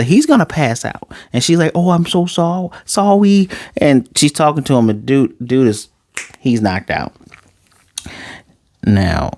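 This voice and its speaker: A man's voice: on the low side, a little mellow, no room sound, studio quality. A young man recapping and reviewing an anime episode in a loose, joking, slangy way, swearing freely.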